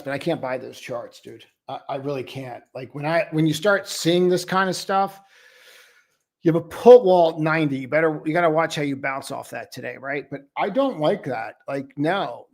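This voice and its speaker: Guy talking through stock charts live, blunt and chatty, voice sits kinda high. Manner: casual, blunt, heavy on fillers like "like" and "right". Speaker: trading show host. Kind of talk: live market commentary.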